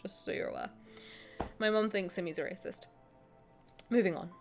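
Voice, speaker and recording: Lively young woman streamer. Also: mid-range voice, moderate pace, creaky. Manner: animated, joking, swears, breaks into giggles. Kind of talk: casual livestream chat, reading game text aloud. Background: faint game music.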